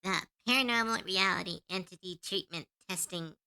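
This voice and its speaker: A woman's voice: on the low side, normal speed, gravelly, bright, forceful tone. A woman streamer chatting casually while she draws on a live stream, giggling often and musing aloud.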